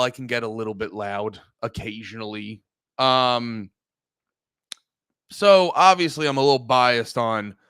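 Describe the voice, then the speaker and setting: A young man, hosting a livestream and rambling through loud, profane casual commentary. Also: medium pitch, smooth, no echo. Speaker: livestream host.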